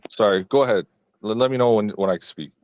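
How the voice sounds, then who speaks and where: A man debating as a guest in a live online stream, speaking in a measured, careful way and insisting on his turn. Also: on the low side, dull audio, crowd noise.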